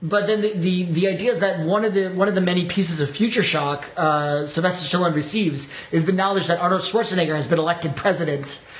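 A man co-hosting a casual podcast, chatty and telling stories with halting restarts. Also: high voice, reverberant. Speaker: podcast co-host. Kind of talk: casual discussion.

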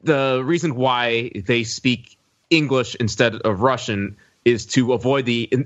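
A man co-hosting a film podcast, talking thoughtfully and filling pauses with ums and you-knows. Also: mid-range voice, fairly bright tone, muffled recording. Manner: thoughtful, filler-heavy. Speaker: podcast co-host. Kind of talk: casual chat.

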